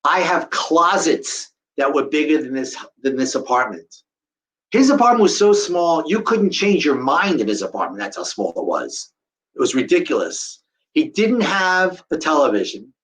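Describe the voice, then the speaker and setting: A middle-aged man recounts a survivor's story before a live audience in a slightly high voice. He tells it with lively energy and drops into the voices of the people he describes. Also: normal speed, low-quality recording. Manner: animated, acts out the voices of people in his story. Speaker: guest speaker telling a survivor story.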